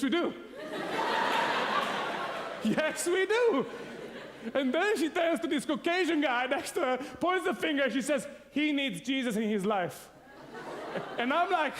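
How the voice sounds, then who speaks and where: High-voiced man telling a story. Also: long reverb tail, a little hiss or hum. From Serbia. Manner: animated storytelling, laughing often. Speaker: speaker telling his story to an audience. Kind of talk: humorous personal testimony.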